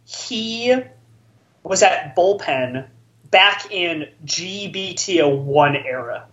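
Slow and fairly high in pitch, this man's tone is fairly bright, though the recording cuts off the highs. As a podcast co-host, he casually rambles through a long story among friends, filling it with likes.

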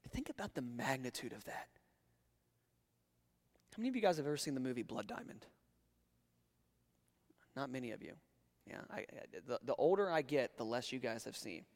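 Man preaching in a reverberant hall. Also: medium pitch. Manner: conversational preaching with frequent restarts, swelling to emphatic peaks. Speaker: pastor. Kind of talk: sermon.

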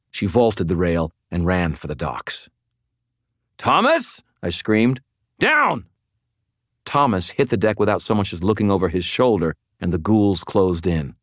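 Deep-voiced man narrating an audiobook. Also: a little mellow, no echo, clean studio sound. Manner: dramatic, wry storytelling. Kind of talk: first-person audiobook narration.

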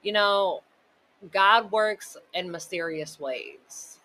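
A man's voice: high voice, slow pace, bright, forceful tone, rough recording. A man hosting a podcast, talking casually about faith in a loose, rambling way full of "like" and "you know". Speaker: podcast host.

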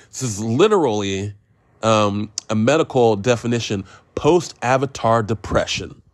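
A man's voice: lowish voice, no echo. A man hosting a podcast, reviewing a film in a rambling, sarcastic monologue full of swearing, digressions and self-mocking jokes. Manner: self-mocking, with jokey made-up phrases.

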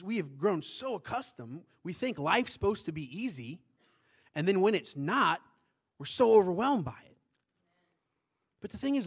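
A man's voice: high-pitched, husky. A middle-aged man preaching a sermon as pastor, in a conversational way that keeps asking the congregation questions.

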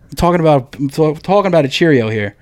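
A man's voice: on the high side, animated, quick pace, dry recording, studio quality. A man co-hosting a podcast, telling a crude story in a rambling, profane way full of "like". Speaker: podcast co-host.

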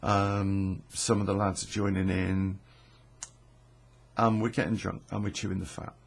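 A man's voice: deep voice, little pitch movement, unhurried, creaky, breathy edge. A middle-aged man, telling a rambling true story casually, swearing freely and stopping often on fillers and restarts.

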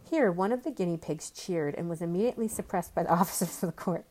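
Mellow-voiced woman reading a storybook aloud. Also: fairly low pitch, fast talker, hardly any pauses, poor audio. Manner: adds casual asides to listeners. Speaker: storybook reader. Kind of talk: reading a children's novel aloud.

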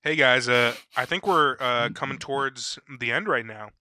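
Dude hosting a late night podcast, super bright sharp voice, crude jokes, laughing a lot, dry close sound. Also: male voice, mid-range voice, moderate pace, dry recording. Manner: crude joking, laughs often. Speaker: podcast host.

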